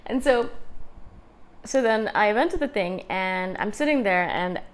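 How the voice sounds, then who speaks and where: A woman tells a personal story to her vlog audience in a loose, conversational way, poking fun at herself. Her voice sits at an ordinary middle pitch, and she slips into her own inner voice as she retells the moment. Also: unhurried. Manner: self-deprecating, animated retelling with inner-voice asides. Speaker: YouTube host.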